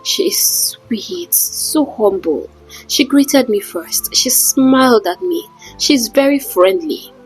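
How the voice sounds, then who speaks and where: A woman voicing a neighbor who gently praises a newcomer in a storybook tale. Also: sits high, sing-song, slow pace, slightly rough, faint music behind, pitched above the performer's own voice, full character voice, poor audio. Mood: admiring.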